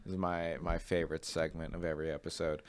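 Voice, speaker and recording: A young man hosting a podcast in a relaxed, hesitant way, with many fillers. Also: a bass voice, fast, smooth. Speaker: podcast host. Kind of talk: casual podcast chat. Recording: faint music behind.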